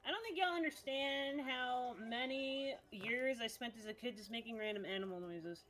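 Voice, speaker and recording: A woman chatting casually on a live tabletop game stream, blunt and quick to laugh and swear. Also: fairly high pitch, a bit bright, slight background noise. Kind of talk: casual gaming chat on stream.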